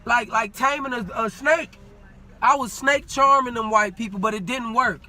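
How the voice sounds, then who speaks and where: Animated high-voiced man telling a story. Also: moderate pace. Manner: animated, acts out quoted dialogue, street slang. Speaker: podcast guest. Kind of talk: casual storytelling.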